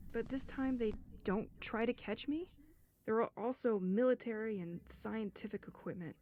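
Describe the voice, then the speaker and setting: A woman's voice: mid-range voice, close to an everyday voice. An actress voicing a lonely young woman recording reflective, wry diary entries in a game. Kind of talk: game voice acting. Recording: tinny phone-like sound.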